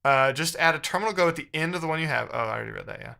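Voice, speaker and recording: Exasperated streamer man, bright voice. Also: fairly high pitch, lively intonation, racing, vocal fry. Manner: exasperated, muttering to himself. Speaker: live streamer. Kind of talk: live coding stream, reading chat aloud.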